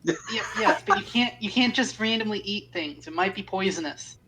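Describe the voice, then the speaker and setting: A woman's voice: mid-range voice, lively intonation, normal speed, fairly bright tone, slight background noise, low-quality recording. A woman playing a tabletop game, giving bossy warnings to the others. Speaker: player. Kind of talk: casual tabletop game talk.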